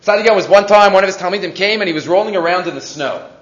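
A man giving a Torah class as a rabbi, an animated storyteller who weaves Hebrew quotes into his English. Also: sits high, rapid-fire. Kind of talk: weekly Torah portion lecture. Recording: roomy, dull lo-fi recording.

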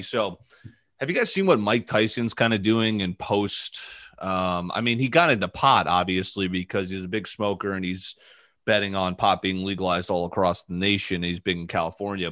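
A man with a lowish voice hosts a casual podcast chat. He rambles loosely, trailing off into fillers and jokes. The sound is dry and close to the mic. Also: lively intonation, brisk, fairly bright tone, dry recording. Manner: rambling, joking, many fillers. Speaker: podcast host.

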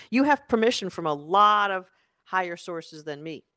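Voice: mid-range voice, lively intonation, a little slow, bright, forceful tone, dry recording. Emphatic motivational coach, dry sound. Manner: emphatic and insistent, repeating phrases; spiritual wording about energy and soul. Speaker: life coach. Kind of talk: motivational talk.

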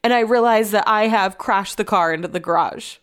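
A young woman talks straight to the camera in a loose, rambling vlog style, sprinkling "like" through nearly every sentence. Her voice is smooth and clear at an ordinary middle pitch. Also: fairly quick, fairly bright tone. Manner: chatty and rambling, with constant "like" fillers. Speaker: vlogger and radio host. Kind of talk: casual storytelling vlog.

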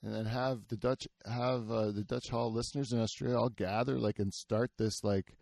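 A man's voice: mid-range voice, fairly even intonation, moderate pace, gravelly, a little mellow, dry recording. A man hosting a podcast in casual, rambling chat, full of fillers, restarts and swearing. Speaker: podcast host.

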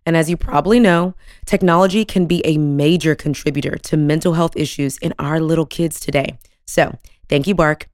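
A woman's voice: low voice, dry recording, studio quality. Effusive woman podcast host. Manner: effusive, animated, lots of casual slang. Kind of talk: enthusiastic podcast interview.

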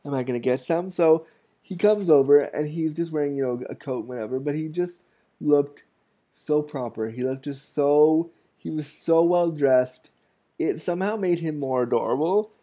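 A man's voice: a little high, normal speed, highs cut off. A man in his thirties hosting a podcast, telling candid, self-mocking stories in a casual, chatty way. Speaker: podcast host. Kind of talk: casual storytelling monologue.

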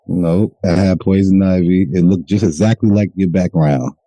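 A man co-hosting a podcast, telling stories in a profane, animated, casual way. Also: low-pitched, moderate pace, no room sound. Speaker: podcast co-host. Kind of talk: casual chat.

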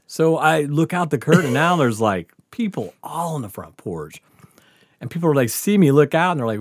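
Animated man telling a wild story. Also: a little high, brisk, no room sound. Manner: laughs often while talking, swears casually. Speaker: podcast host telling a story. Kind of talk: casual storytelling chat.

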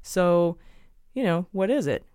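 A woman hosting a podcast in casual chat, playful and quick to laugh. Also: on the low side, lively intonation, mellow, clear, resonant tone, no room sound, studio quality. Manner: playful, laughs often, reads jokes aloud. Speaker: podcast host.

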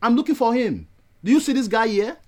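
Nigerian-accented young man at a door, polite but pushy, higher voice, as a man puts him on. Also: expressive, fairly quick. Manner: polite, insistent questions.

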